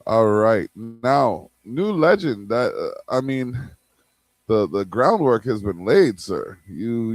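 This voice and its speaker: A male host leading a relaxed, slangy conversation with a guest. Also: lowish voice, no room sound. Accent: Canadian English. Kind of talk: casual interview hosting.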